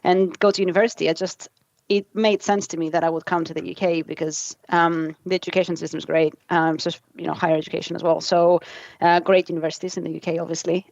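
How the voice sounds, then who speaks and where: Greek woman around 40 telling her story w lots of ums, lowish voice, muffled dry audio. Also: a little mellow, dry recording. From Greece. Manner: fluent storyteller, many ums. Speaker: guest. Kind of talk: casual chat.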